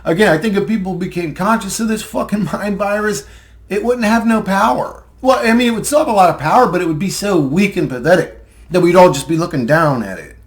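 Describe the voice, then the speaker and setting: Man, high-pitched, young adult, ranting, profane, sarcastic, laughs mid-sentence. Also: animated, brisk. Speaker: conspiracy video ranter.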